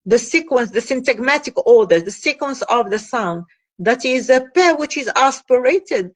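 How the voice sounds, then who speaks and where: A woman's voice: fairly high pitch, animated, moderate pace. A woman teaching linguistics in a classroom lecture, explaining step by step with frequent fillers and repeated phrases.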